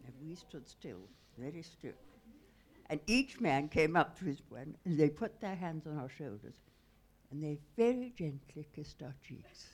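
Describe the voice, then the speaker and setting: A woman's voice: low-pitched, expressive, unhurried, darkish tone, slight background noise. A woman telling a personal anecdote at a live salon, wry, understated and self-mocking. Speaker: storyteller guest.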